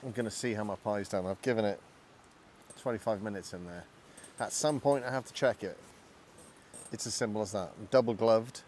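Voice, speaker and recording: Cooking vlog host, male, low-ish voice, self-deprecating patter, outdoors with faint ambience. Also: a little fast, long pauses, a little mellow, a little hiss or hum. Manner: chatty, self-deprecating, talks through each step. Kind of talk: casual cooking vlog narration. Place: outdoors in woodland.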